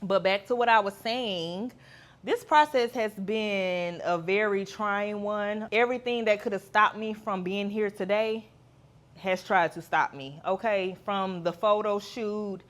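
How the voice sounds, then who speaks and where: Woman, 30s, podcast host, casual monologue, chatty, candid, mid-range pitch. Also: unhurried. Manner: chatty, candid, playful asides.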